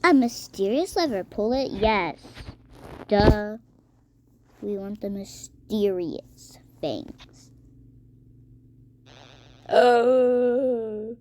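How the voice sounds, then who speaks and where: Dramatic young woman gaming, slow-spoken. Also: fairly high pitch, animated, a little mellow, a little hiss or hum. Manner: dramatic, mock-angry, quick outbursts. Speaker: gaming vlogger. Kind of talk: casual gameplay commentary. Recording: game music behind voice.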